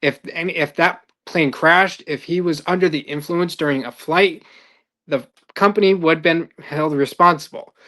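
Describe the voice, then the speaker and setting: A man's voice: a little high, moderate pace, bright, forceful tone. A male life coach telling a story in a casual, rambling podcast monologue with fillers and restarts.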